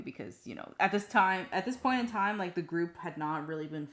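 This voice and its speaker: A woman streamer tells a tabletop game story in a loose, rambling way. Her voice sits low for a woman, and her sentences wander through constant fillers. She swears now and then without any fuss. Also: expressive, fairly quick, a bit bright. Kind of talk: casual storytelling on a live stream.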